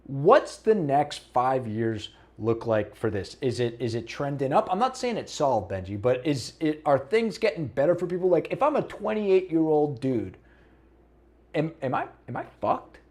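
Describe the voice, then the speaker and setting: A man's voice: medium pitch, big pitch swings, normal speed, darkish tone. A man co-hosting a podcast in casual, jokey talk, often restarting his sentences. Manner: jokey and loose, with many restarts. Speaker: podcast co-host.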